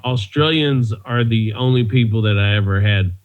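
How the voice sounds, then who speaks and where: This man, a comedian appearing as a podcast guest, has a fairly low, smooth voice and speaks at a normal speed. In a casual storytelling interview, he wanders through his anecdotes and chuckles along with them, heard through muffled video call audio.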